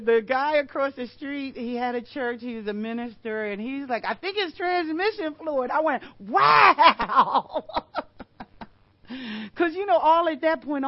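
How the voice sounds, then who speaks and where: Slow-speaking older woman preaching. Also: high-pitched, no room sound, muffled recording. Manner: emphatic, rhetorical questions, storytelling. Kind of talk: sermon.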